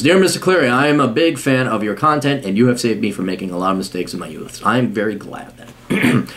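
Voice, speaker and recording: A man reading a listener's letter aloud on his podcast and breaking off into angry, profane, scornful rants. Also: mid-range voice. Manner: scornful, swearing, shouting bursts.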